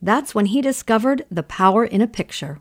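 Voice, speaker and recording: A woman radio host presenting a news feature in a smooth, even scripted delivery. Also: a little high, fairly quick.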